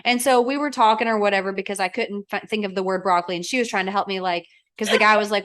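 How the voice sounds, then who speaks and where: This guest is a woman in her thirties who works as a real estate agent in Arizona, and her medium-pitched voice races along with few pauses. Chatting casually, she tells stories with animation, acting out what people said in a raised voice.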